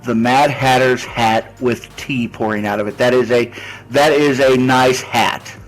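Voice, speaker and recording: A man's voice: medium pitch, steady tone, unhurried, faint music behind, rough recording. A man cutting a trash-talking wrestling promo, sarcastic and taunting, with mock-sweet jabs. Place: online wrestling show with commentary table.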